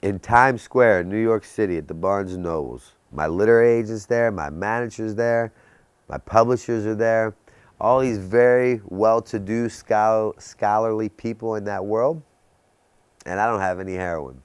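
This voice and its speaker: A man in his thirties with a smooth, fairly low voice speaks at a moderate pace, with no room sound. His testimony about addiction and recovery is intense, built step by step with rhetorical questions.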